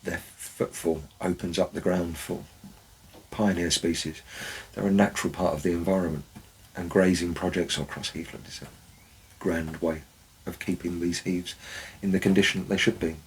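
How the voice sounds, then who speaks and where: A man's voice: low voice, fairly even intonation, normal speed, slight background noise, poor audio. A man, a former forest warden, tells wry anecdotes in a dry, storytelling way. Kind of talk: storytelling narration.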